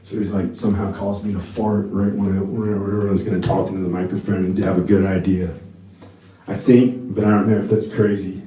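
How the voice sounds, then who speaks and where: A man's voice: low-pitched, level tone, brisk, mellow. A man vlogging in a rambling, profane monologue, talking into a handheld microphone. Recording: roomy, mic held far off.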